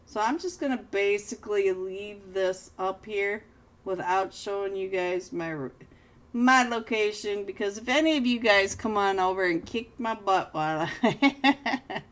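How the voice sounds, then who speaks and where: A young adult woman casting a mobile shooter match live, calling fights and joking with her viewers. She talks at an unhurried pace in a mid-pitched voice, excitable and quick to poke fun at herself. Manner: excitable, self-mocking, jumps between play calls and chat. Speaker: esports caster. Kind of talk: live game commentary.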